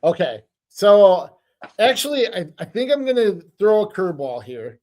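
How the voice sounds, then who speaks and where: A man's voice: high voice, very animated, moderate pace, warm tone. A middle-aged man co-hosting a podcast, telling stories in a rambling, hesitant casual chat. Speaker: podcast co-host.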